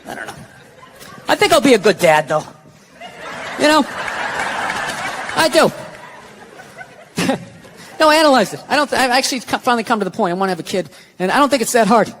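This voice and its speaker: A man's voice: very high voice, expressive, brisk, pauses often, fairly bright tone, some chatter behind, slight background noise. A man doing stand-up comedy with a Boston accent, blunt and sarcastic, on a stage mic before a live audience. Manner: sarcastic, blunt, profane delivery.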